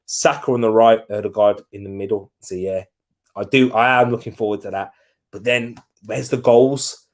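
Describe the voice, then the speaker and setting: A man's voice: mid-range voice, a little mellow. Chatty young man hosting a football watch-along. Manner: chatty, reads out viewer comments, reacts to play. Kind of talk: casual live football chat.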